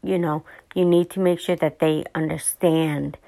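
A woman hosting a podcast, talking in an unhurried, casual monologue with fillers and self-corrections. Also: low-pitched, steady tone, vocal fry, dark tone, no echo. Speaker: podcast host.

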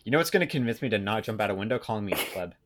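A man's voice: lowish voice, expressive, very fast, a bit bright. A young man co-hosting a podcast in casual chat, rambling and joking with lots of fillers. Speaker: podcast co-host.

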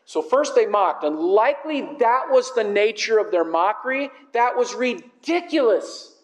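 A male pastor delivers a sermon in a fairly high voice, earnest and emphatic. He drives his points home by repeating his questions. His voice rings out with a long reverb, as in a church hall. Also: animated, normal speed.

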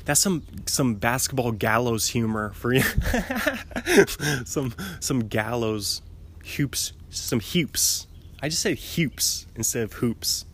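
Podcast host, man in his twenties, casual, self-amused, average pitch. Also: sing-song, takes it slowly, a bit bright. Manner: rambling, self-amused, laughs often. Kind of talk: casual chat.

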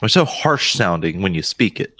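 A man's voice: low voice, normal speed, no echo. A man in his thirties from North Carolina, co-hosting a casual podcast, joking and swearing freely. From North Carolina, USA. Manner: animated, swears freely, jokey. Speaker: podcast co-host. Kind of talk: casual chat.

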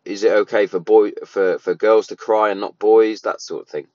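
Dad, 30s, lower voice, casual rambling monologue with lots of fillers; muffled, dead-dry recording. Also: male voice, steady tone, moderate pace, darkish tone, dry recording. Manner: rambling, many restarts and fillers. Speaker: parent sharing opinions.

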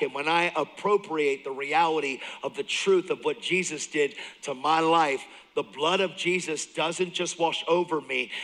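A middle-aged man preaching a testimony sermon, moving from hushed intensity to excited near-shouting. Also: a little high, low-quality recording. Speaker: guest preacher.

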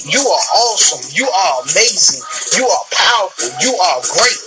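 A woman's voice: on the low side, big pitch swings, normal speed, rough recording. A woman speaking as a motivational speaker in an emphatic, repetitive, slangy monologue. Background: loud music.

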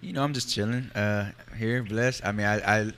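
A man's voice: on the low side, fairly even intonation, moderate pace, fairly bright tone, slight background noise. A man co-hosting a casual podcast, joking around in slangy, easygoing talk. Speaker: podcast co-host. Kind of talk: casual group chat.

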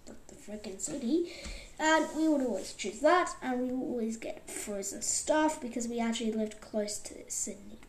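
A woman around twenty rambling excitedly in a casual vlog, jumping between loud outbursts and whispers. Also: high-pitched. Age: about 20. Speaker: vlogger.

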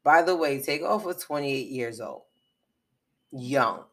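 A woman's voice: a bass voice, lively intonation, takes it slowly. A woman vlogger giving frustrated, impassioned commentary on a news story, speaking bluntly and swearing.

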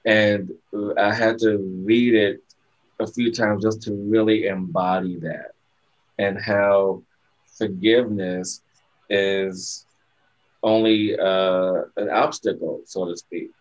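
A man hosting an interview who speaks haltingly and sounds moved. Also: fairly low pitch, fairly even intonation. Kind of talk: casual interview talk. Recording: dull lo-fi audio.

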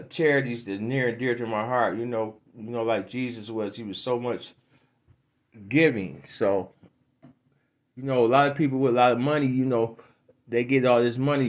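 Rambling, profane man at mid pitch. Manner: rambling, profane, laughs often. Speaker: podcast host. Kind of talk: casual joke-telling and chat.

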